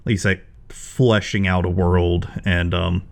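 A man's voice: low voice, flat delivery, a little slow, creaky. A man in casual conversation, opinionated and blunt, swearing freely and often restarting his sentences. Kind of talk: casual chat.

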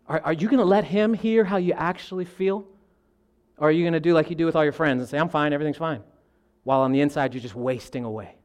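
A man, animated and lively, and calls the congregation "y'all." His voice sits high for a man. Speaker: pastor. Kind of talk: sermon.

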